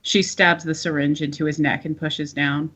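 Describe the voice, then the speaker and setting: A woman playing a tabletop game who talks in a calm, sly, deliberate way. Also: sits low. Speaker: player. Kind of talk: casual chat and in-character play in a tabletop game. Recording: dull lo-fi stream audio.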